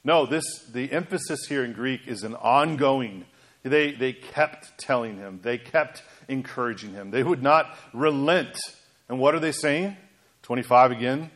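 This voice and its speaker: A man preaching a sermon in an animated, emphatic way, asking rhetorical questions of his congregation. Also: medium pitch, normal speed. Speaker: pastor.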